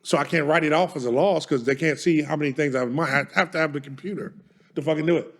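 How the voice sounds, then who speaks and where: A man's voice: fairly high pitch, fast. A man co-hosting a podcast, telling stories in casual chat, swearing often and speaking with emphasis. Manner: profane, storytelling, emphatic. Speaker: podcast co-host.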